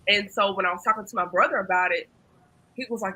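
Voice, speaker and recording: A woman's voice: medium pitch, fast talker, pushed and bright, breathy edge, rough recording. A woman hosting a panel discussion, earnestly telling a personal story with frequent ums and restarts. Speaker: host and facilitator.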